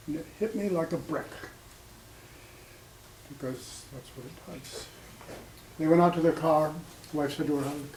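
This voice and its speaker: At an open mic in a small cafe gathering room, a man in his sixties tells personal stories to a small audience, halting and conversational with plenty of ums and restarts. His voice is a little high with a darkish tone. The echoey recording carries faint ambience and a bit of hiss or hum.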